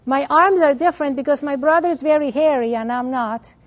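A woman's voice: high-pitched, brisk, lightly acted. A woman voicing a frightened young man who pleads anxiously with his mother. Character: nervous young son fearing his father.

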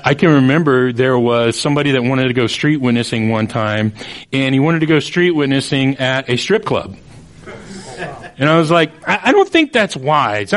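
Man preaching a casual, jokey sermon. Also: medium pitch. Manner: conversational, jokey asides, acts out quotes.

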